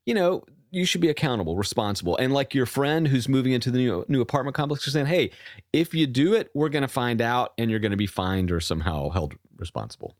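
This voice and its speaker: A man co-hosting a podcast in casual chat, telling a story with lively delivery and acted-out quotes. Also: mid-range voice, fast, no echo, clean studio sound. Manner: animated storyteller, acts out quoted voices. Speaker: podcast co-host.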